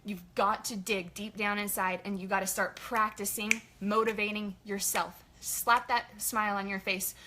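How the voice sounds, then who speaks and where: Bright-voiced energetic woman giving a pep talk. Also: medium pitch, moderate pace, few pauses, a little hiss or hum. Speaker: sales team leader. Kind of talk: casual motivational team training.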